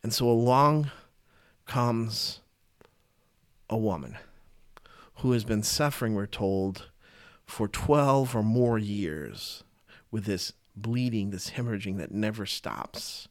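A man's voice: on the low side, lively intonation, takes it slowly, long pauses. A man giving a casual, earnest Bible teaching, talking conversationally and often repeating and restarting his phrases.

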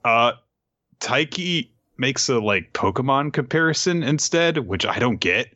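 A man's voice: mid-range voice, lively intonation, unhurried, sharp tone, no room sound. A man co-hosting a podcast, recapping a manga in a rambling, laughing casual chat. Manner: rambling, laughing, lots of fillers. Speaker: podcast co-host. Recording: dull lo-fi sound, dry.

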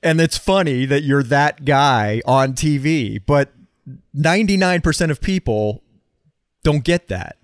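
A man co-hosts a podcast with blunt, teasing, profane humor. His voice sits a little high for a man. The sound is dry and close to the mic. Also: expressive, unhurried, no echo. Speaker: podcast co-host. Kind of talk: casual comedic chat.

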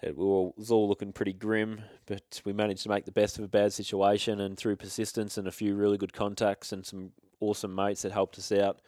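A man's voice: fairly low pitch, little pitch movement, brisk, few pauses, darkish tone, dry recording, clean studio sound. An Australian man chatting casually about his hunting trips, laid-back and rambling with slang and restarts. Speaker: hunting guest. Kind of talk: casual storytelling chat.

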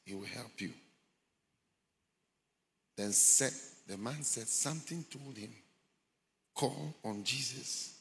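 A man's voice: medium pitch, takes it slowly, gravelly, pauses often, bright, forceful tone, a little hiss or hum. A man preaching a sermon, retelling a story dramatically and acting out the voices of people in it. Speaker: bishop preaching. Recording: long hall reverb.

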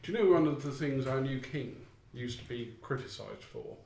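A man's voice: medium pitch, lively intonation, moderate pace, gravelly, a little mellow, slight background noise. Chatty man in an echoey room. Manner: chatty, digressive, dry humour. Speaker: podcast co-host. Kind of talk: casual chat. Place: office or shared workspace.

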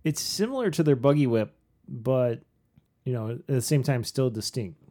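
A woman podcast cohost chatting casually, speaking slowly and deliberately. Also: extremely low pitch, expressive, mellow. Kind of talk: casual chat.

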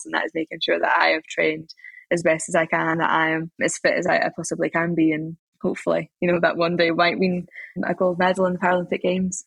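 A woman's voice: lowish voice, vocal fry, fairly bright tone, breathy edge, no echo. A young woman, a podcast guest, talking in a rambling, upbeat way in a casual interview. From Scotland. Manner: rambling, upbeat, quick talker.

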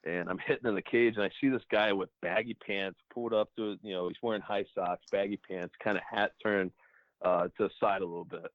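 A man's voice: fairly low pitch, brisk, no echo. A man telling baseball stories in a casual interview, acting out the dialogue. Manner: animated anecdotes, acts out dialogue. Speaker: professional baseball player. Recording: tinny phone-like line.

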